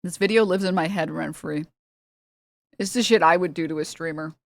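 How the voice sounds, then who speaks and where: A woman's voice: on the low side, fairly quick, creaky, dry recording. A woman streamer rambling through casual reaction commentary, cursing freely and breaking into laughs. The recording is dry and close, with no room sound. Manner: rambling, profane, laughing often.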